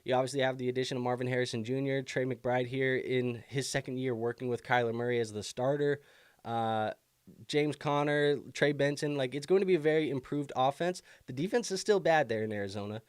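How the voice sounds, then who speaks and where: A man's voice: mid-range voice, a little fast, clean tone, no echo. Casual man hosting a fantasy football stream. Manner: casual, thinking aloud with many fillers. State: has the hiccups. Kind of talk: live stream Q&A advice.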